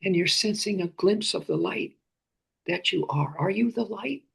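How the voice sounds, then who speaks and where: A man leading a guided meditation, speaking slowly and often sinking into breathy whispers, repeating phrases and names softly. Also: high-pitched. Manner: slow, drifting into breathy whispers. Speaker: meditation teacher.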